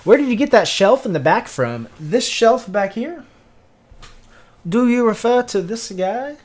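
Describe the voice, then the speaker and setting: With an extremely high, sing-song voice, a little slow and darkish in tone, this Tennessee man speaks in a Southern accent. He's laid-back on a livestream, working away while he greets viewers, mutters, and hums.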